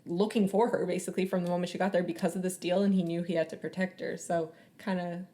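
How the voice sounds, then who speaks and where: A woman's voice: on the low side, level tone, quick pace, warm tone. Chatty young woman co-host. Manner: chatty, agreeable, frequent back-channel murmurs. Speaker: podcast co-host. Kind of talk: casual book discussion. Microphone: borrowed mic, sound a little different.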